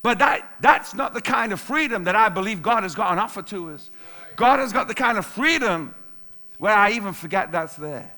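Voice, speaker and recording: A man's voice: high voice, animated, normal speed, sharp tone. A male pastor preaching a sermon in an emphatic way, repeating key phrases for weight.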